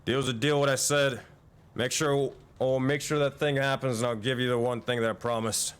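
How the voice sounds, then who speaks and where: A man's voice: mid-range voice, steady tone, moderate pace, smooth. A man running a tabletop game as game master, loose and profane, laughing often.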